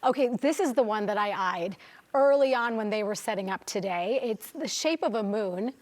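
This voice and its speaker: A woman's voice: mid-range voice, lively intonation, normal speed. A woman hosting a TV studio segment, bubbly and playful, laughing often as she tastes and chats. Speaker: TV show host. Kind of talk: lively studio chat.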